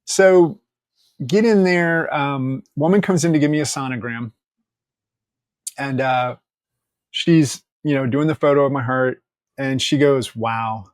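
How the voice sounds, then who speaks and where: Guy on a podcast telling a story, mid pitch, swears, cracks jokes, super dry sound. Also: unhurried, pauses often, no room sound. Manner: candid, joking, quotes people in lively asides, swears freely. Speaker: podcast guest. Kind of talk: casual storytelling.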